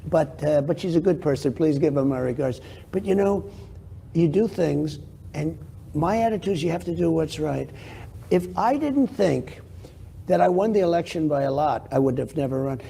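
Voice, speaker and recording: An older man from New York, interviewed on television, rambles boastfully and keeps returning to his own points. His voice, gravelly, very dark, and slightly higher than most men's, is expressive at a normal speed, with slight background noise behind it.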